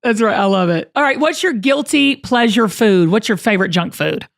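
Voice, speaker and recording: Middle-aged Southern woman, talk show host, lively animated exclaiming delivery. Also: mid-range voice, creaky, dry recording, clean studio sound. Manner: bubbly, exclaiming, quick questions. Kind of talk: casual interview chat.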